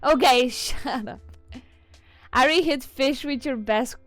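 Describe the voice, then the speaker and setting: A woman with a non-native English accent chats casually on a stream, answering her viewers. Her fairly high voice often breaks into giggles. Faint music plays behind her. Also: slow pace, fairly bright tone. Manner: giggly, chatty, reads chat aloud.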